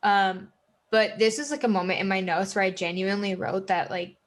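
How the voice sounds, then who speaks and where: Woman podcast co-host, mid-pitch, heated casual talk, swears freely. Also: fairly even intonation, moderate pace. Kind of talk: casual recap chat.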